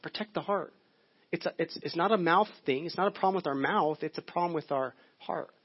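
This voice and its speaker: A man's voice: a little fast, husky. A man preaching a sermon in a casual, conversational way, often repeating words as he searches for the phrase. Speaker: pastor. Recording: muffled low-fidelity audio.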